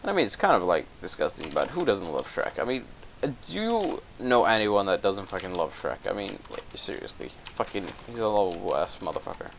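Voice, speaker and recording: Young guy, kinda low voice, swearing nonstop while recapping a story over gameplay, keeps correcting himself, light keyboard clicking in back. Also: big pitch swings, fairly quick, gravelly, a bit bright, slight background noise. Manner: profane, rambling, self-correcting. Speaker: gaming commentator. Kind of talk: rambling comedic plot retelling while gaming.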